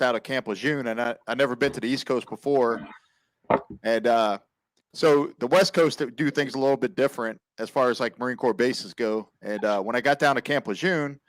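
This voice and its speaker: A man's voice: medium pitch, dry recording. Laid-back swearing man, dry sound. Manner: laid-back, laughs often, swears freely. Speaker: guest veteran on live stream. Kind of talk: casual storytelling chat.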